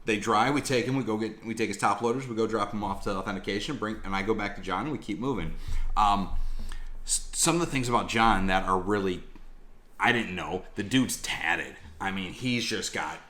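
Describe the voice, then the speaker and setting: A man telling casual vlog stories in a slangy, animated way, swearing freely. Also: on the low side, normal speed. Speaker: collectibles vlogger.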